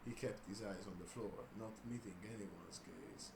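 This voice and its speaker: A man's voice: fairly low pitch, fairly even intonation, moderate pace, creaky. A man reading a crude story aloud for comedy, laughing and breaking off with asides. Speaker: reader. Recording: roomy room with faint hiss.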